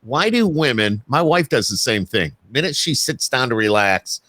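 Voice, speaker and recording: Jokey podcast host with a Syracuse accent. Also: male voice, medium pitch, big pitch swings, normal speed, sharp tone, no echo, studio quality. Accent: Central New York. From Central New York. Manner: jokey, rambling, laughs easily. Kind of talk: casual chat. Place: home studio.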